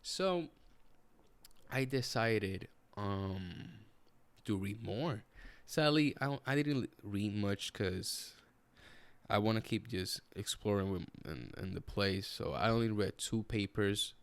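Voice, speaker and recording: A man's voice: lowish voice, measured pace, no room sound. A young man telling stories on his podcast, casual, profane and rambling, with frequent restarts. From Puerto Rico. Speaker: podcast host. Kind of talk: casual storytelling.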